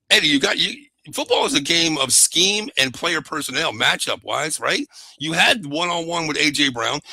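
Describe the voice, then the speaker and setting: A man co-hosting a football talk show, breaking down plays with heated energy. His voice is sharp and bright and swings from low to high as he gets worked up. The sound is dry and close to the mic. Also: no echo, low-quality recording. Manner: fired-up, keeps repeating the co-host's name; rants and shouts in frustration. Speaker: sports podcast co-host.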